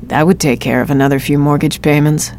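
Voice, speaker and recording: A woman reads first-person narration for an audio drama. Her voice is very low for a woman, and she keeps a steady, even storytelling pace. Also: a little fast, a little hiss or hum.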